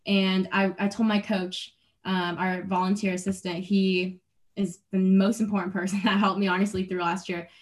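A woman's voice: medium pitch, level tone, moderate pace. Young adult woman, interview guest; earnest, rambling delivery, frequent restarts and light laughs. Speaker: athlete guest. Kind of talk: casual interview.

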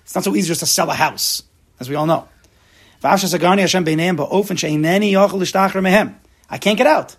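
A Torah teacher lectures his class in a high-pitched, fast, husky voice. He is emphatic and mixes Hebrew terms into his English.

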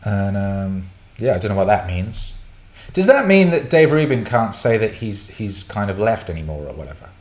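A man's voice: on the low side, very animated, normal speed, a little mellow. A middle-aged man hosting a casual livestream Q&A, blunt and sweary as he rants and answers chat questions. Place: indoor room. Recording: roomy echo.

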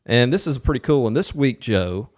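A man co-hosting a business podcast, chatting casually in a joking, animated way. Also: mid-range voice, brisk. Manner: animated, jokey, with filler restarts. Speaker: podcast co-host. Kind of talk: casual chat.

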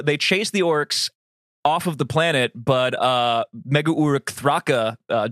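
A man's voice: mid-range voice, fairly bright tone, dry recording. Guy rambling thru a story, swears a lot, mid voice, dry close mic. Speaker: podcast co-host. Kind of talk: casual chat.

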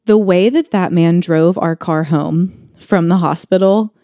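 A young adult woman co-hosting a podcast, telling stories with lively acted-out quotes. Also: lowish voice, unhurried, dry recording, studio quality. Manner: animated storyteller, acts out quotes. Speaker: podcast co-host. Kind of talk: casual chat.

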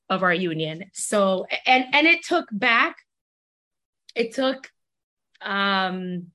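Woman, podcast co-host, chatty, explains at length, mid-pitched voice. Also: a bit bright. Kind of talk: casual chat.

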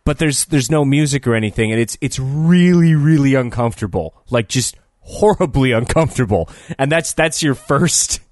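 A man in casual comedic podcast chat, profane and exasperated, breaking into laughter between points. His voice sits at an ordinary middle pitch. The recording sounds close and dry, with no room around it. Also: animated, normal speed, hardly any pauses, a little mellow, no room sound. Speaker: podcast co-host reviewing a film.

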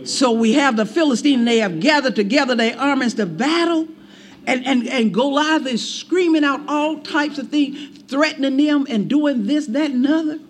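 A man preaching a sermon in a folksy storytelling manner, animated and shouting at times, with laughing asides. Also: extremely high pitch, normal speed.

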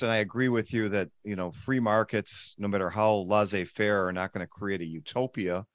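A man hosting a podcast, asking questions and reading a support message in a measured way. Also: fairly low pitch, no echo, clean studio sound. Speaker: podcast host. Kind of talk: interview questions and read sponsor break.

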